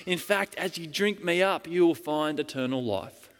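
A calm male teacher speaks in an earnest, inviting way, as a preacher voices him. His voice sits fairly high for a man. A long hall reverb follows each phrase. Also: normal speed, clean tone, lightly acted.

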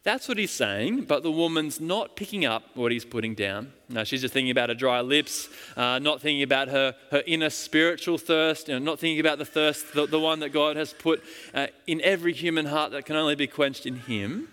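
A male preacher delivers a storytelling sermon, emphatic and full of restarts. His voice sits fairly high for a man. A long hall reverb trails every phrase. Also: a little fast, hardly any pauses, bright, forceful tone, smooth. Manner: storytelling, emphatic, with repeated starts.

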